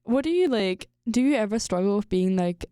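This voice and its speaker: A woman's voice: medium pitch, lively intonation, fairly quick, warm tone, smooth, no room sound, clean studio sound. A young woman with a German accent hosting a podcast, chatting playfully and casually with many "like" fillers. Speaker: podcast host. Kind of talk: casual interview chat.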